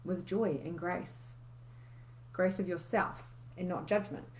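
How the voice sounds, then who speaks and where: A woman's voice: fairly low pitch, steady tone, takes it slowly, slight background noise. A woman, coaching in a casual, candid live session where she swears freely and reads out viewer comments.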